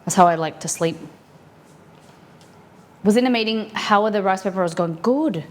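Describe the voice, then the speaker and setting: A woman streams herself cooking at home in the kitchen, chatting casually with viewers. Her mid-range voice moves at a normal speed as she rolls food and answers the chat.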